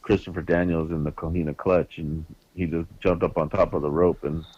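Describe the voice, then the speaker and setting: A man's voice: sits low, flat delivery, brisk, a little mellow, husky, no echo. A man co-hosting a podcast, talking bluntly and emphatically with a lot of swearing. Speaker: podcast co-host. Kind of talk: casual wrestling review chat. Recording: dry, dull lo-fi mic.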